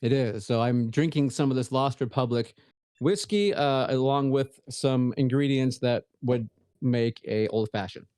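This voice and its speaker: A man's voice: medium pitch, a little slow, darkish tone, smooth, no room sound, clean studio sound. A man co-hosting a casual podcast, easygoing and joking as he greets chat viewers by name. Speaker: podcast co-host.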